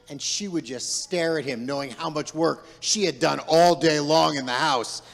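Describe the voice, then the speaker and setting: With a gravelly voice on the high side, a rabbi speaks at a normal pace with hardly any pauses as he playfully recounts a folk tale and gets his congregation making animal noises. Faint music plays, and the large synagogue sanctuary adds a long hall reverb.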